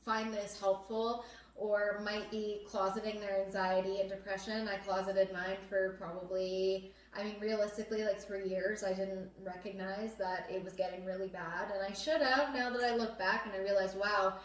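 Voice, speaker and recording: A woman's voice: mid-range voice, little pitch movement, normal speed. A young adult woman hosting a casual chat, talking earnestly with many fillers. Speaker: host. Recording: echoey room, mic at a distance.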